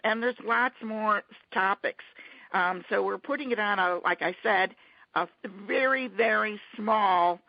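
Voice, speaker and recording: Gravelly husky woman on a call. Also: mid-range voice, no room sound. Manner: halting, many restarts and fillers. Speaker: conference call host. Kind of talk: casual teleconference hosting. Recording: muffled dry conference-call line.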